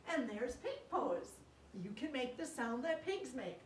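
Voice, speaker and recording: A woman leads a children's yoga class at an unhurried pace, her voice bouncing widely up and down as she reads aloud and makes animal sounds. She sounds a bit away from the mic in a roomy space with a faint hum behind her. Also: sits high, big pitch swings. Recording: roomy echo, distant mic, faint background noise.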